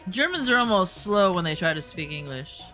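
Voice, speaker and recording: A woman's voice: lowish voice, very animated, a little fast, pushed and bright, soft background music. A woman in casual chat, reacting to a show, rambling with lots of "like" and restarts.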